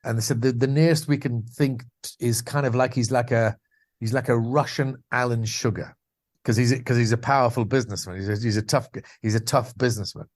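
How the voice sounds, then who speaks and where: Brief: man from the Scottish Borders, guest voice actor, animated storyteller who drops into voices, middle pitch. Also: a little fast. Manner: lively anecdotes, slips into voices and animal noises. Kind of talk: casual interview storytelling.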